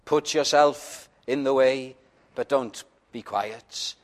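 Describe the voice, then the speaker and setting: A man preaching a sermon, earnest and pleading, often dropping to a quiet, intimate tone. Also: mid-range voice, slow.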